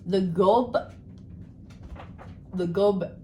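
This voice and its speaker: A woman giving a casual tarot card reading, bubbly and rambling as she talks excitedly. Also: medium pitch, very slow, roomy sound, a little hiss or hum. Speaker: tarot reader.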